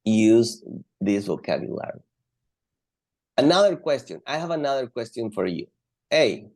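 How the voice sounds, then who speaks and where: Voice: medium pitch, very animated, normal speed, long pauses, darkish tone. An English teacher with a Spanish accent, a native Spanish speaker, gives a bilingual grammar lesson, repeating words and quizzing the students with questions.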